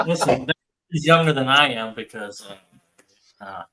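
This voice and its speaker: A man's voice: medium pitch, expressive, a little slow, sharp tone, rough recording. A middle-aged man chatting sarcastically, swearing a lot, with a little background noise. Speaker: co-host. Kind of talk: casual chat.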